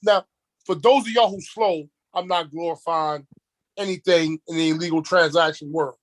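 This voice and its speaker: A man chats casually. His voice sits high, and he tells streetwise stories, often repeating words as he gets going. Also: moderate pace, poor audio. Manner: streetwise storyteller, repeats words when starting. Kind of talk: casual chat.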